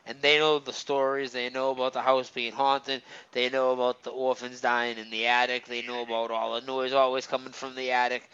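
A man's voice: medium pitch, little pitch movement, brisk, few pauses, bright, forceful tone, smooth. A man telling a personal ghost story in casual chat, rambling, with lots of fillers and restarts. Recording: slightly dull, muffled recording.

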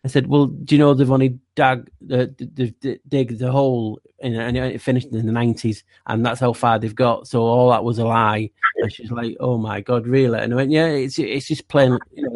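A man's voice: mid-range voice, no room sound. A man with a noticeable accent talking casually on a podcast, rambling with many fillers and restarts. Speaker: guest co-host.

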